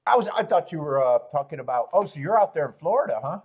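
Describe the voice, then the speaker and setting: A man's voice: a little high, very animated, fast, a little mellow, slightly rough, muffled recording. A man hosting a live horse racing stream, rambling and joking while greeting viewers in chat.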